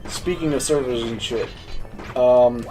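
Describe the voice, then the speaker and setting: A man's voice: mid-range voice, measured pace, dark tone, faint music behind. A man co-hosting a game review, wisecracking and teasing in crude casual banter. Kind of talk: casual gameplay commentary.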